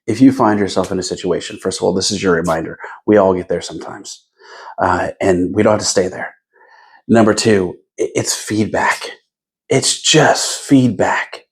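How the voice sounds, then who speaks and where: A man's voice: sits low, moderate pace. A man vlogging in his office, talking through his own frustrations in a reflective, encouraging way as he thinks aloud. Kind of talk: candid self-talk to camera.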